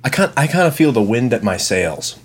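A man hosting a laid-back podcast, chatting about beer with friends. His voice sits at a middling pitch and he talks in a playful, goofy way. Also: big pitch swings, a little fast, a little hiss or hum. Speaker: podcast host. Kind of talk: casual chat about beer.

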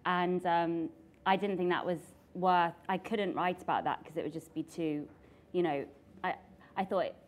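Give me a young woman telling an animated story in a casual chat, laughing often. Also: fairly low pitch, moderate pace. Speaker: author and actress. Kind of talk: casual chat with her sibling.

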